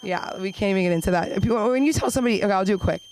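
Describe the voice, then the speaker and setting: A young woman doing an open mic stand-up set, rambling with quick self-deprecating asides. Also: medium pitch, a little mellow, slight background noise, low-quality recording. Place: small comedy club.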